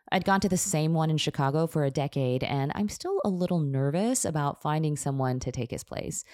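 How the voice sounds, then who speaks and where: A woman's voice: deep voice, darkish tone, no room sound. A woman podcast host reading her memoir aloud in a candid, wry, self-deprecating way, close to the mic. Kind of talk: memoir narration.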